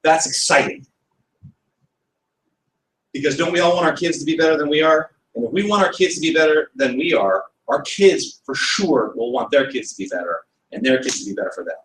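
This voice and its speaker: A man with a fairly high voice gives an earnest, upbeat motivational talk to a live audience. He is recorded from a distance, and the room is echoey. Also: a little fast, fairly bright tone, slight background noise. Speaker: speaker at a group meeting.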